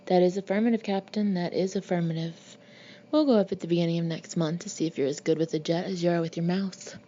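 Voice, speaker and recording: Woman voicing a gruff Marine colonel, harsh, blunt, mellow tone, dull lo-fi audio. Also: on the low side, fairly even intonation, quick pace, lightly acted. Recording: dull lo-fi recording.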